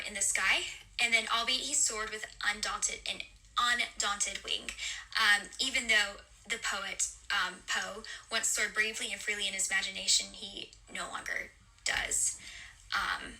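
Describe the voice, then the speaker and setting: A young woman giving a class presentation on a poem, halting often with fillers and correcting herself. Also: medium pitch, pushed and bright, low-quality recording. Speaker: student presenter.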